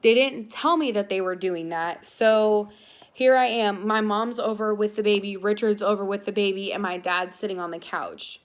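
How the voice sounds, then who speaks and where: A woman's voice: medium pitch, moderate pace. A young woman vlogging, telling a personal story in a chatty, casual way with lots of fillers. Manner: chatty, filler-heavy, animated retelling.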